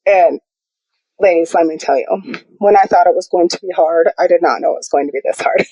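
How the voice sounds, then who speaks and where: A young woman speaks candidly and quickly as she tells her own story, jumping in pitch when she acts out what others said. Her voice is low and mellow, and the recording is dry and close. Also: no echo, poor audio. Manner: animated, quick storyteller acting out quotes. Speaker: guest.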